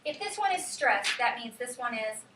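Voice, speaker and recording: Brief: high, bright woman teacher, sing-song classroom delivery, far-off echoey room. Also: normal speed, a little hiss or hum. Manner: lively, sing-song calling out of words. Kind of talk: classroom lesson.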